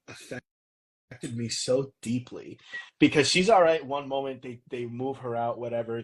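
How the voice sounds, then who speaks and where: Husky-voiced man hosting a casual podcast. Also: mid-range voice, low-quality recording. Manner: rambling, laughs often, animated storytelling. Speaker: podcast host. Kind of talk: casual chat.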